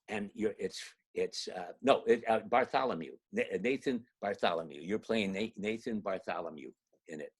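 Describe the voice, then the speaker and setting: An older man, an actor guest, telling a long anecdote in an animated way, acting out the quotes and laughing often. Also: on the low side, moderate pace, slightly rough. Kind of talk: anecdotal storytelling.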